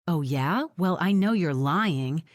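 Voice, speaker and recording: A woman reading an audiobook, voicing an angry armed man who yells accusations and later turns shaky with regret. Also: on the low side, animated, slow pace, dry recording, studio quality. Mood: yelling. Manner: yelling, then shaky and remorseful. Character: angry armed man losing his temper.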